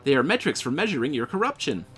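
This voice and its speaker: A man's voice: mid-range voice, very animated, quick pace, fairly bright tone, soft background music, voice pushed up. A man voicing a cheerful, overly friendly male AI assistant program in a game. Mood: informative. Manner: chirpy, overly friendly, calls the player friend.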